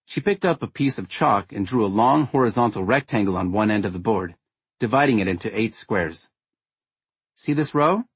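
A man narrating a first-person story in a wry, understated way, with a husky tone. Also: lowish voice, fairly quick, dry recording. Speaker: audiobook narrator.

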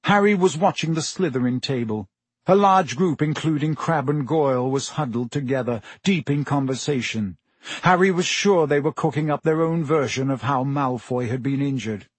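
A man reading a fantasy story aloud in an expressive audiobook style. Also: mid-range voice, moderate pace, husky, no room sound. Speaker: audiobook narrator.

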